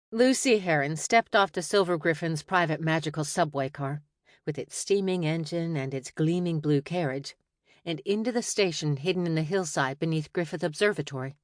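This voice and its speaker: A woman narrating an audiobook in a measured, even manner. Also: sits low, no room sound, studio quality. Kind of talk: scripted narration.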